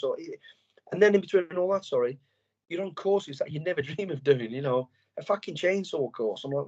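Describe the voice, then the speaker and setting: Middle-aged man, ex-soldier guest, animated and profane; slightly high voice on lo-fi audio. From England. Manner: blunt, heavy swearing, animated storytelling. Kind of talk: casual interview chat.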